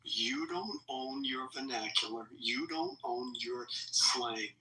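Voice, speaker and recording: A man's voice: medium pitch, slow, bright, forceful tone, slight background noise. A man in a casual live chat room, making his points in a reasoned, insistent way. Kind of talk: casual debate. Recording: roomy and distant.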